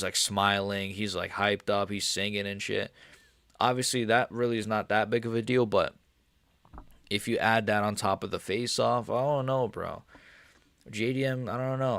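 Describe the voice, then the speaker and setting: A man's voice: fairly low pitch, moderate pace, fairly bright tone, clean tone, no room sound. A man hosting a casual MMA livestream, answering viewers in a profane, rambling way. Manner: profane, rambling, talks straight to chat.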